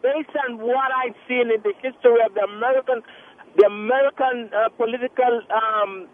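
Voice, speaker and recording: A man's voice: very high voice, fairly even intonation, normal speed. A man with a thick foreign accent calling into a radio show, arguing insistently and stammering through repeated words. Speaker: caller. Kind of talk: heated call-in debate. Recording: tinny phone line.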